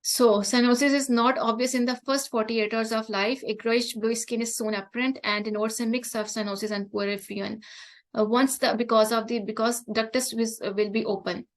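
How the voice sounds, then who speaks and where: Woman, medical lecturer, slightly high voice, halting delivery, lots of fillers. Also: fairly even intonation, low-quality recording. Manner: halting, many fillers and restarts. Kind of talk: online exam-prep lecture.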